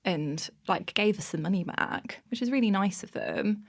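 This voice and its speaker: A woman's voice: medium pitch, lively intonation, moderate pace. A woman, a podcast guest, telling funny self-mocking stories in a casual interview, often breaking into laughter.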